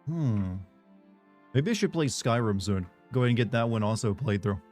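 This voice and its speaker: Male streamer, mid-pitched, casual rambling chat with viewers, curses freely, faint game music under him. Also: expressive, darkish tone. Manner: rambling, rapid filler-heavy chatter with swearing.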